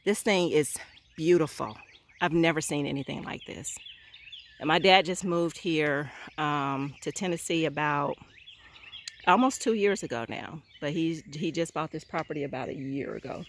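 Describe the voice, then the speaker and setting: A woman's voice: low voice, moderate pace, a little hiss or hum. A woman, chatting enthusiastically to a handheld phone camera outdoors on a farm. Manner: enthusiastic, chatty, keeps saying y'all. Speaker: homestead vlogger. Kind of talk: casual vlog talk to camera. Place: outdoors on a rural hillside farm.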